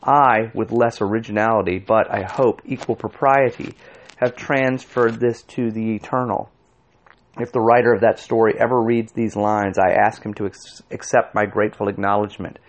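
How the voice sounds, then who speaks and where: A man giving a measured, scripted audiobook narration. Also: fairly low pitch, fairly even intonation.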